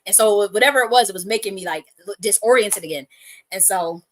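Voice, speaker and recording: A woman's voice: mid-range voice, fairly quick. A woman who works as a spiritual reader, telling a personal story in a rambling way, swearing freely and often restarting her sentences. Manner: profane, restarts often, breaks into laughs.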